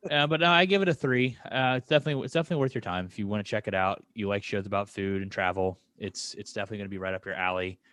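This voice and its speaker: A man's voice: on the low side, very fast, hardly any pauses, a bit bright, no echo. A man co-hosting a podcast, rambling casually through a show review and laughing often. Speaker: podcast co-host.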